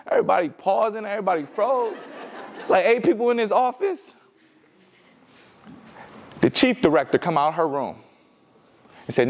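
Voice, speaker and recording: A young man from Detroit giving a motivational talk, telling his own story in an emphatic way that swings between loud and hushed. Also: a little high, expressive, brisk, pauses often. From Detroit, USA. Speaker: motivational speaker. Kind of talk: personal storytelling speech.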